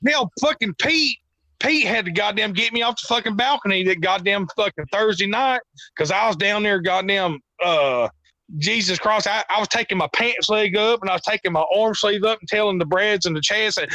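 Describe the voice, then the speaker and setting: A man with a high voice rambles through tales as a podcast guest, swearing constantly. His tone is bright and forceful, and the sound is close and dry with no room echo. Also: brisk. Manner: rambling, profane storytelling. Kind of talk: casual chat.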